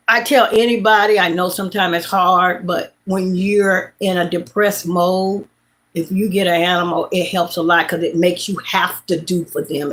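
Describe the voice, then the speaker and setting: A woman's voice: on the low side, a bit bright. A woman, hosting a casual livestream and telling rambling, repetitive, heartfelt stories. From Mississippi, USA. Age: late 50s. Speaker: livestream host.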